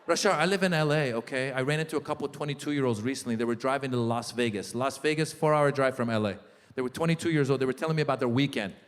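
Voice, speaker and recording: A middle-aged man doing stand-up comedy, chatting with the audience in lively crowd work, in a hall with long reverb. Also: medium pitch, fast talker.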